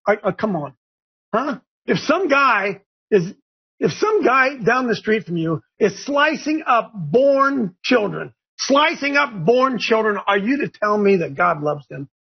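A man hosting a Bible discussion, preaching emphatically, shouting verses and firing rhetorical questions. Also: extremely high pitch, husky, dull audio. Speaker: host leading a Bible discussion. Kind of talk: fiery preaching-style Bible talk.

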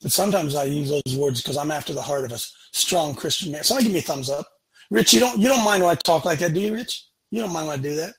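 A man's voice: a little high, animated, fast talker, slight background noise, poor audio. A man hosting a talk show, preaching in a blunt, emphatic way and repeating lines for punch. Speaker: show host.

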